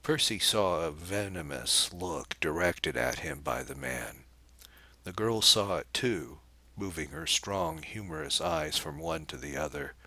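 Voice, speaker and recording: A man narrating a novel as an audiobook in a measured, unhurried reading. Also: sits low, very animated, vocal fry, pushed and bright, no room sound.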